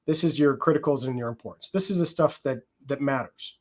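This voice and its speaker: A man at mid pitch talks through his reasoning in an unscripted conference conversation. He explains at length, often pausing on fillers and repeating words as he restarts. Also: a little mellow. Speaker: product security executive.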